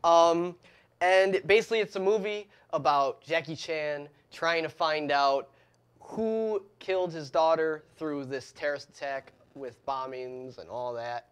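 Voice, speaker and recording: A man's voice: fairly high pitch, clean tone. A young man hosting a casual film review show, laughing often and tripping over his words. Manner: laughs often, stumbles and restarts, rushed bursts. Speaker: host.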